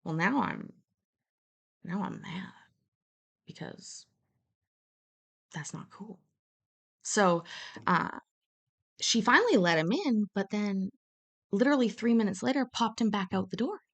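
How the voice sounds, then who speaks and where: A woman's voice: medium pitch, animated, normal speed, creaky, long pauses. A woman live streaming from a hotel room, telling stories in a blunt, profane, casual chat.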